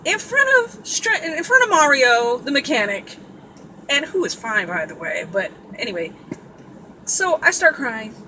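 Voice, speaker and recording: A woman from Sacramento tells a story in a loose, chatty vlog style, blunt and full of cussing. Her voice is bright and sharp and sits a little high. A faint noise runs under it. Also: measured pace, low-quality recording. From Sacramento, California. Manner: blunt, profane and animated. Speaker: vlogger. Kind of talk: casual storytelling.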